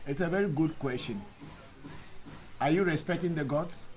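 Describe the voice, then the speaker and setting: A man's voice: on the high side, normal speed, poor audio. A man serving as a Vodu priest, reading out viewer comments in a live Q&A and answering critics bluntly and combatively, repeating lines for emphasis.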